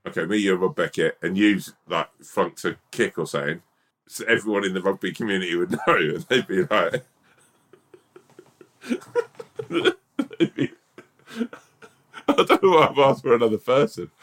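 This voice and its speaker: A man's voice: deep voice, sing-song, normal speed, pauses often, a bit bright. A man co-hosting a casual podcast, telling rambling hypothetical stories and laughing at them. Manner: rambling anecdotes, laughing at his own stories. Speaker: podcast co-host. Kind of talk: casual chat.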